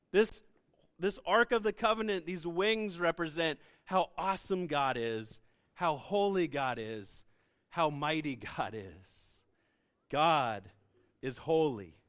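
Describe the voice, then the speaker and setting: Young male pastor, high-pitched, casual and lively delivery to a congregation. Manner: lively, conversational, asks the audience questions. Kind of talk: sermon.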